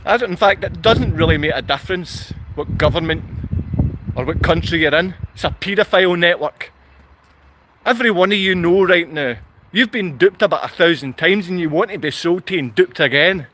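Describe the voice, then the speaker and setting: A man's voice: high-pitched, moderate pace, background noise. A man with a Glasgow accent ranting angrily to camera, hurling insults and repeating himself. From Scotland. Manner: furious, insulting, repetitive ranting. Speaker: vlogger. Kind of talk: angry direct-to-camera rant.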